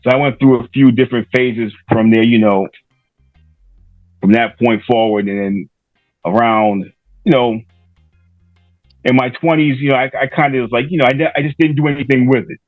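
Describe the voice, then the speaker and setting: A middle-aged man from Rhode Island tells stories in a loose, rambling way, full of fillers and restarts. His voice sits at an ordinary pitch and comes through a thin, phone-like line. Faint music plays underneath. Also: normal speed, pauses often, no echo. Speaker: podcaster guest. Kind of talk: casual interview storytelling.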